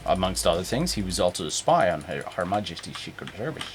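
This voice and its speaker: A man's voice: deep voice, sing-song, fast talker, a little hiss or hum. A man chatting and joking casually while streaming a game. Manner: joking, rambling, playful. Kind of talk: casual gameplay stream chat.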